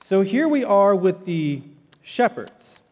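A pastor giving a sermon in a church, telling the story in a conversational, animated way with casual asides. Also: male voice, sits high, slow pace, big-room sound. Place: church sanctuary.

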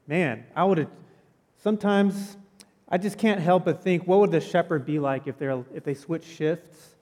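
A pastor giving a sermon in a church, telling the story in a conversational, animated way with casual asides. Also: male voice, a little high, unhurried, long reverb tail. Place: church sanctuary.

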